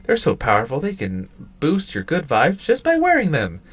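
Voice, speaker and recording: A man reading aloud in a high, shrill voice as a gullible, excitable schoolgirl who whines and protests. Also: moderate pace, husky, soft background music, full character voice. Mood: indignant.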